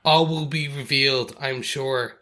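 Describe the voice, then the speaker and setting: A man's voice: mid-range voice, fairly even intonation, unhurried, sharp tone. A man with a British accent co-hosting a podcast, reading listener feedback aloud and chatting casually. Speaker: podcast co-host. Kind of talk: casual chat.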